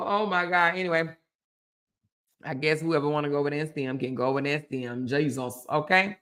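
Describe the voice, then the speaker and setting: A woman's voice: deep voice, moderate pace, pauses often, a bit bright. A woman hosting a casual live stream, chatty and laughing often as she thanks viewers by name.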